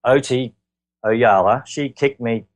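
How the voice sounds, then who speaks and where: A man with an Australian accent, telling his own story as an interview guest in an earnest, halting way with many filler words. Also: mid-range voice.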